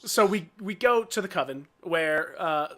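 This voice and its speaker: A man's voice: high voice, animated, a bit bright. A man co-hosting a casual podcast, recapping a TV episode and acting out bits of dialogue. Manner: recaps scenes with quick acted-out quotes. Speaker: podcast co-host.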